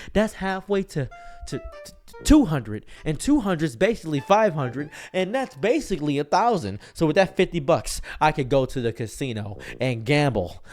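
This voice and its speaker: A young man telling an absurd comic story in a deadpan, rambling way. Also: medium pitch. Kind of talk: comedic storytelling.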